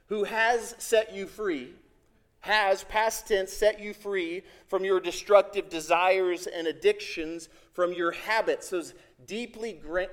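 Higher-voiced than most men, a pastor preaches from the pulpit with real earnestness and force. Repetition is his main tool, as he circles back to key phrases to land each idea.

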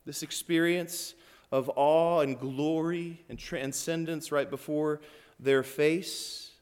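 A man preaching a sermon, retelling the story as if he were there, swinging from loud passion to hushed awe. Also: a little high, fairly even intonation, takes it slowly. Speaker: pastor.

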